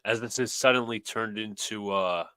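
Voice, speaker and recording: Low-voiced man calling the game. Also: moderate pace, pushed and bright, clean tone. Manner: announcer-like game calls mixed with offhand remarks. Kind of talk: mock play-by-play commentary.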